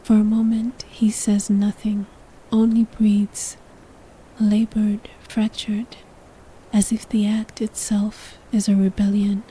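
A woman tells a sensual story straight to the listener in a whispered role-play. Her breathy, mellow whisper moves slowly and stays level, with little rise or fall. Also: medium pitch, completely flat delivery, low-quality recording. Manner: second-person storytelling, hushed and sensual. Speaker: narrator.

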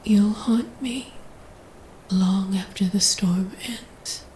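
A desperate masked man, ragged and pleading, his words dropping into a soft, breathy hush, as a woman whispers him in a role-play. The whisper stays low and mellow, with little rise or fall. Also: steady tone, drawn-out words, reverberant, a little hiss or hum.

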